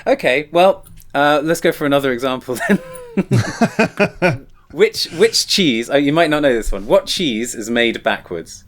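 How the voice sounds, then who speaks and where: Lively man chatting with laughs. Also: fairly high pitch, unhurried. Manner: chatty, laughs often, trades jokes. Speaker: guest podcaster. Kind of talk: casual conversation about comedy.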